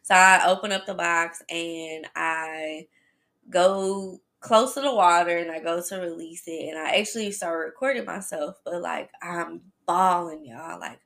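A woman hosts her own podcast and tells a personal story in a loose, chatty way. Her voice sits a little low and has a gravelly rasp. Her tone is bright, and she keeps speaking straight to her listeners. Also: unhurried. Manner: chatty, animated storytelling addressing listeners as y'all. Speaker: podcast host. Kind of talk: casual storytelling.

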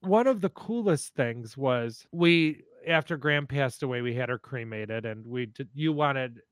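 A man hosting a podcast, telling family stories in a casual, animated, profane way. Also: medium pitch, unhurried, clear, resonant tone, no echo. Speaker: podcast host. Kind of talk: casual storytelling.

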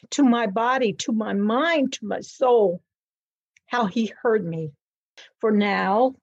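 A woman's voice: a little high, breathy edge, highs cut off. A woman performing a personal spoken-word story with a dramatic, emphatic delivery and a lot of repetition.

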